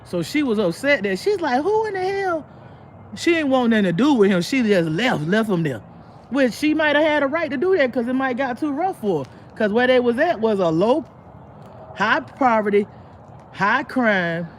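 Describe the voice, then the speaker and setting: A woman talks straight to her live viewers, swearing freely and circling back over her words as she tells a story. She keeps jumping into lively impressions of the people she describes. Her voice sits a little higher than most, with a faint hiss of noise behind it. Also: moderate pace. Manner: blunt, profane, rambling with many restarts; acts out quoted people in animated bursts. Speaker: livestream host.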